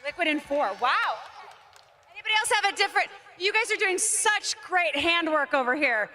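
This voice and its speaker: A woman's voice: extremely high pitch, lively intonation, moderate pace, bright, forceful tone. A woman working the crowd at a live event, interviewing fans on a handheld mic with a bubbly manner that hypes everyone up. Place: large indoor arena among the crowd. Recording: roaring arena crowd behind.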